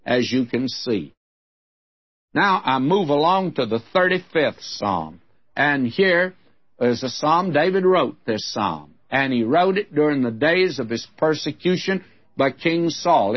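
A man's voice: on the high side, slightly rough, muffled recording. A man giving a sermon as a Bible teacher, in a frank, folksy, conversational way.

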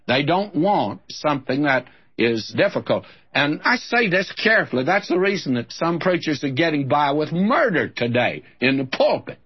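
A man's voice: a little high, husky, highs cut off. A man giving a folksy, emphatic radio sermon as a Bible teacher, lifting his voice when quoting scripture. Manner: folksy, emphatic preaching with lively rises for scripture.

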